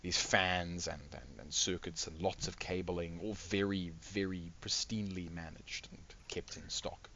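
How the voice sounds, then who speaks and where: A man's voice: deep voice, steady tone, measured pace, few pauses, sharp tone, lo-fi sound, slight background noise. A man running a tabletop game as game master, describing scenes in rambling, self-correcting narration.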